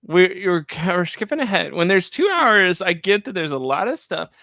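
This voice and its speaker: A man's voice: sits high, very animated, moderate pace, vocal fry, pushed and bright, no room sound. A man co-hosting a reality TV recap livestream, chatting casually and mimicking people as he retells scenes. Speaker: co-host of a reality TV recap show.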